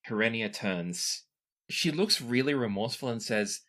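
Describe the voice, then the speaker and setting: A man running a tabletop game as game master, narrating scenes and jumping into character voices. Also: normal speed. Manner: lively, animated narration that jumps up in pitch for characters.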